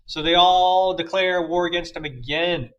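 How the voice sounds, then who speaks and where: A man's voice: high-pitched, moderate pace, fairly bright tone, highs cut off. A young man teaching a history lesson in a loose, chatty way, with lots of fillers and playful asides. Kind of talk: casual classroom lecture.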